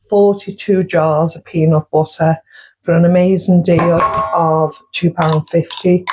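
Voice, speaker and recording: Woman, low-ish voice, unhurried and chatty home-kitchen vlogger, faint hiss behind. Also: fairly even intonation. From United Kingdom. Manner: chatty, counts out costs step by step. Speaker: baking vlogger. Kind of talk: casual cooking vlog.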